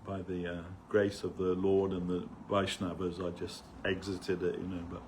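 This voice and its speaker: Man, low voice, casual rambling storyteller at a temple talk. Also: monotone, normal speed, a little mellow, a little hiss or hum. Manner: conversational, rambling, frequent "you know". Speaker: speaker at a temple gathering. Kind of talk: informal spiritual talk, anecdote.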